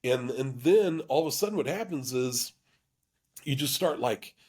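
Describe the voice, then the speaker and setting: A man's voice: mid-range voice, expressive, darkish tone, breathy edge. A man hosting his own channel, telling a personal story with candor. He often stops and restarts his sentences and leans on fillers. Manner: halting, full of restarts and fillers; earnest and emotionally open. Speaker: YouTube channel host.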